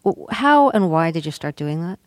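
A calm woman with a fairly low voice hosts a radio interview. She asks her questions in a measured way. The studio sound is dry and close. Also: dry recording.

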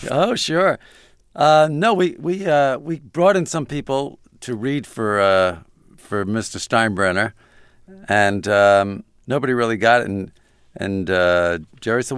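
Gravelly man telling anecdotes. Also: fairly low pitch, measured pace, dry recording, studio quality. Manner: chuckling anecdote teller, hesitant fillers. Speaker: guest. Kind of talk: interview storytelling.

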